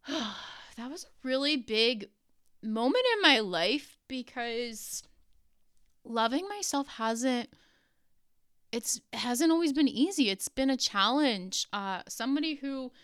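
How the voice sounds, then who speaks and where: Woman podcast host, bright and clear, animated storyteller, close dry sound. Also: a little high, takes it slowly, no room sound. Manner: animated, laughs often, swears casually. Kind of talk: personal storytelling.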